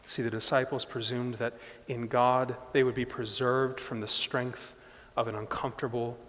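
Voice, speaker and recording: A man preaching a sermon as a pastor, moving from quiet, reflective passages to loud, emphatic stretches. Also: mid-range voice, little pitch movement, moderate pace, long reverb tail.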